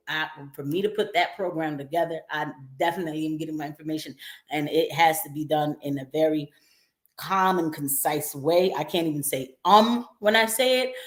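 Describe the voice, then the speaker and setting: A young woman hosting a casual live-stream of news commentary, emphatic and quick to laugh, now and then acting out the voices of the people she quotes. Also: deep voice.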